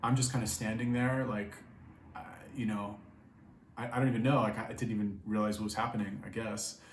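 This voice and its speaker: A man's voice: lowish voice, level tone, brisk. A young man telling a story casually, rambling and swearing a lot, with many fillers. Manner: profane, rambling, filler-heavy. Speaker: vlogger. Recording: echoey room, faint background noise.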